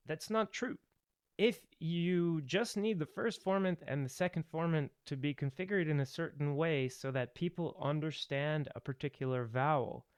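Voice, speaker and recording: A man's voice: fairly high pitch, a little mellow, clean tone, no echo. A man giving a voice tutorial, opinionated and emphatic, ranting at times. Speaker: voice teacher. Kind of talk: tutorial with rants.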